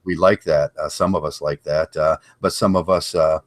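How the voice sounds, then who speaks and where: A male podcast host with a deep, low-pitched voice, talking in a loose, halting way and stumbling over repeated words. The sound is dry, with no room echo. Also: fairly even intonation. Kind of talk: casual interview chat.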